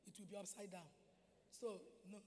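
A Nigerian woman giving an animated testimony sermon at a convention, telling her story and mixing in Igbo phrases. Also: mid-range voice, moderate pace, background noise. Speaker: convention speaker. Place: large convention hall. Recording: reverberant convention hall.

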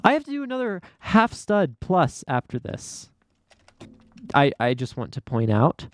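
Playing an obstacle course game, this young adult gamer keeps up casual let's play commentary, laughing at their own failures with dramatic exasperation. Their medium-pitched voice swings widely in pitch, moves a little slowly, and is recorded dry.

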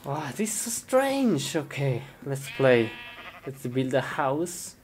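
A woman's voice: a bass voice, very animated, slow. A woman in a comedy sketch who gives exaggerated cries of frustration and talks in broken, simple English. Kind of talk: self-narrated comedy sketch. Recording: noisy recording.

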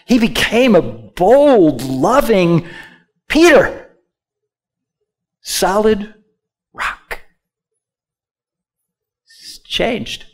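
A male pastor preaching a sermon, swinging from loud emphatic lines to hushed asides and having the congregation repeat words after him. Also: high voice, sing-song, extremely slow, long pauses.

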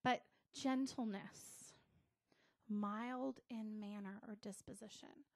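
Slow-speaking American woman pastor. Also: mid-range voice, steady tone, vocal fry, darkish tone. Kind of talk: casual sermon.

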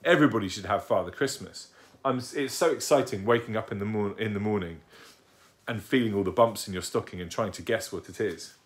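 A man's voice: on the low side, brisk, lightly acted. A man reading aloud and voicing a chatty, bossy little girl who explains things eagerly. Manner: eager, explaining, matter-of-fact.

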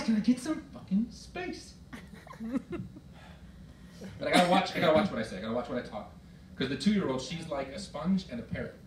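A middle-aged man doing a stand-up set, telling his stories with exasperation and sudden shouted bursts. His voice sits a little high and swings widely in pitch. It is heard from a distance in a roomy performance hall, with heavy noise over the recording. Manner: exasperated storytelling with shouted outbursts. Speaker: stand-up comedian. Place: performance hall with a live audience.

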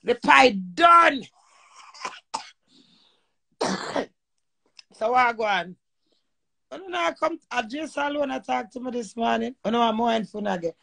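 Middle-aged Jamaican woman, gravelly voice, loose crude live-stream rambling mixing patois and English. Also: a little high, moderate pace, pauses often. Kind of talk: casual live-stream chat. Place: home in England.

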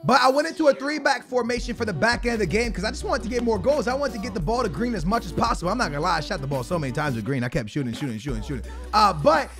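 A young man hosting a gaming video, talking through his match in slangy, rambling commentary and breaking into excited shouts on goals. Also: high voice, rapid-fire, hardly any pauses, music in the background. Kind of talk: live gameplay commentary.

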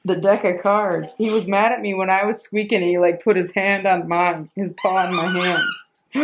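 A woman talks through her day in a relaxed home vlog, chatty and quick to laugh. Her voice sits at an ordinary middle pitch. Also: background noise. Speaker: vlog host. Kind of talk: casual home vlog chat. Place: family home living room.

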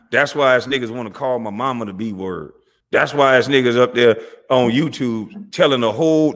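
A man's voice: medium pitch, fairly bright tone. Guy on his channel going off at people, mocking, repeats himself a lot, heated rant vibe. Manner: confrontational, mocking, calls listeners out directly; street slang, repeats himself. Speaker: channel host. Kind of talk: heated ranting monologue.

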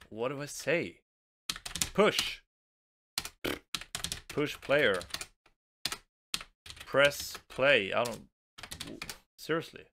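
Slow-talking Norwegian man playing a game. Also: medium pitch, bright, forceful tone, a little hiss or hum. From Norway. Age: young adult. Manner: reads game text aloud, chatty, nervous giggles. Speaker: let's play host. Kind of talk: casual gameplay commentary.

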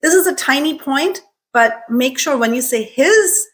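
This woman's voice sits high, with lively intonation and a measured pace. Teaching English pronunciation, she says each word carefully three times so learners can repeat it back.

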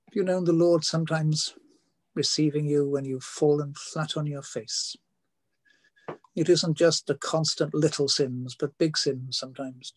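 A man's voice: fairly high pitch, fairly even intonation, measured pace, no room sound. An older man preaching a sermon, telling homely stories with frequent fillers and restarts. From Wales.

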